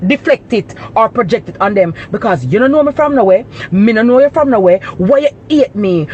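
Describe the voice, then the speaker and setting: A woman's voice: on the high side, highs cut off, slight background noise. A woman with a Jamaican accent, talking to her followers in an indignant, emphatic rant. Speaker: vlogger. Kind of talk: direct-to-camera commentary.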